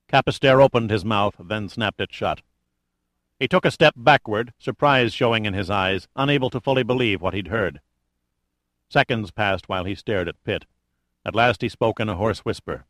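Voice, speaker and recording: A man narrating a thriller audiobook in a steady, measured storytelling manner. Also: on the low side, no echo. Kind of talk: scripted narration.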